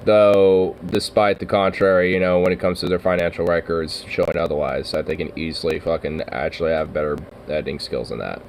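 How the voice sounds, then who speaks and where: A man's voice: deep voice, fairly even intonation, brisk, few pauses, darkish tone, a little hiss or hum, poor audio. A young man hosting a reaction video, rambling and swearing in a slangy, laughing way. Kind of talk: casual reaction commentary.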